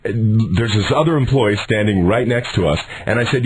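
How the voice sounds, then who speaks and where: A young man co-hosting a radio show, telling a story and getting worked up until he shouts in outrage. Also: fairly low pitch, moderate pace, breathy edge, low-quality recording. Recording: radio studio broadcast.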